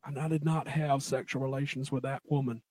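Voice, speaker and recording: A man imitating a folksy older male politician, soft-spoken and self-assured. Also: mid-range voice, little pitch movement, a little fast, no echo, lightly acted. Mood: smug.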